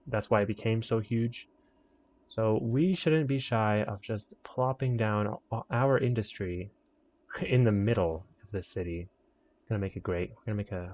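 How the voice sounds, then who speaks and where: A young man with a fairly low voice chats loosely as he plays a city-building game. He rambles, teases himself and turns to his viewers now and then. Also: darkish tone. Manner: rambling, self-mocking, talks to viewers. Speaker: streamer. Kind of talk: casual gameplay commentary.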